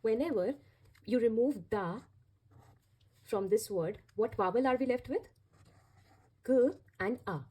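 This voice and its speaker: Mellow, husky woman teaching. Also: on the high side, unhurried, long pauses. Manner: patient, repeats and spells out each step. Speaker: Korean language teacher. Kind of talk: explanatory language lesson.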